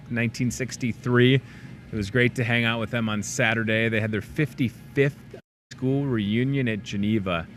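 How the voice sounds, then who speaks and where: Male host, easygoing and jokey, mid-pitched, faint store hum behind. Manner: jokey, rambling, plugs and shout-outs. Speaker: host of a local in-store show. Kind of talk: casual chatty show wrap-up. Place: grocery store.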